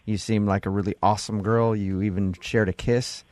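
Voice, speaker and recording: A man's voice: fairly low pitch, little pitch movement, a little mellow, dry recording. Teasing male radio host, dry sound. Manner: teasing, playful, quick to mock. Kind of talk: radio call-in banter.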